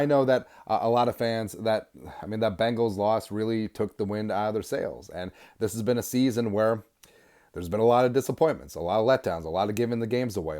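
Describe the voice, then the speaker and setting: A man hosting a sports podcast, delivering an energetic, sarcastic fan rant. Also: fairly low pitch. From Minnesota. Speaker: podcast host.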